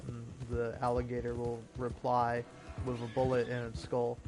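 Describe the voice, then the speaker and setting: A man's voice: mid-range voice, completely flat delivery, normal speed, music in the background. A man giving casual, profane gameplay commentary, ranting in exasperation and laughing at his own jokes. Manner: profane, exasperated rants with mock voices and laughter. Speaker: gaming commentator.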